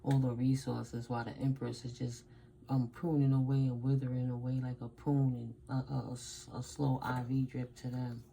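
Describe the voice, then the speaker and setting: A woman's voice: extremely low pitch, flat delivery, normal speed, gravelly, mellow, a little hiss or hum, poor audio. A woman from the United States doing a casual tarot reading and telling stories, blunt and emphatic, with Spanish words mixed in. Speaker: tarot reader.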